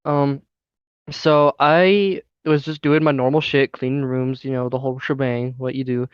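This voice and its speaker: A man's voice: medium pitch, little pitch movement, normal speed, clean tone, dry recording, lo-fi sound. Young man ranting, swearing constantly. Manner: profane, heated rant. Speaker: podcast co-host. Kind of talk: casual storytelling.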